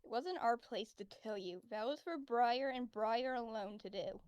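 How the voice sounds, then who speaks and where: A woman's voice: fairly high pitch, moderate pace, a little mellow, smooth, no room sound, studio quality, natural voice. A woman voicing a stern, blunt female warrior cat in a roleplay, curt and commanding. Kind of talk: voice-acted roleplay.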